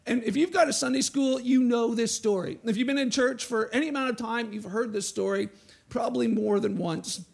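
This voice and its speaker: A man preaching a sermon to a church, reading scripture and acting out quotes with a rising, animated voice. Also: very high-pitched, fairly quick, gravelly, husky. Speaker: pastor.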